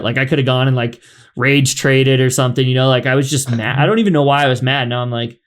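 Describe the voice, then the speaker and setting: A man's voice: mid-range voice, fairly even intonation, fast talker. A man hosting a podcast in casual chat, rambling with lots of fillers. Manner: rambling, filler-heavy, chatty. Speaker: podcast host.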